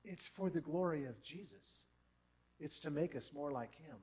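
Pastor preaching, slightly high voice. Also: male voice, animated, moderate pace, a little mellow, breathy edge. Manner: conversational preaching with asides and rhetorical questions; lists in a lowering voice, rises for emphasis. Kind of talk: sermon.

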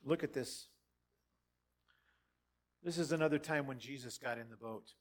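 A man preaching a sermon in a church hall, animated and dramatic, with big swings in loudness as he acts out quotes. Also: mid-range voice, moderate pace. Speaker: pastor.

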